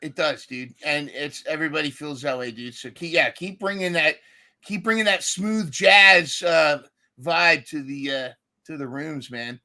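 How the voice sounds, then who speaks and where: A man's voice: on the high side, unhurried, sharp tone. A man hosting a podcast, chatting enthusiastically and rambling with frequent restarts. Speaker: podcast host. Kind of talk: casual conversation.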